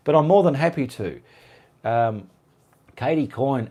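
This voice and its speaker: A man's voice: medium pitch, lively intonation, measured pace, pauses often, mellow. An Australian man hosting a casual live-stream Q&A, chatting and reading viewer comments aloud in a rambling way.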